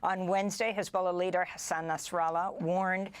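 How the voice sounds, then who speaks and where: A news anchor reading headlines in a measured, formal broadcast style. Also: mid-range voice, flat delivery, smooth.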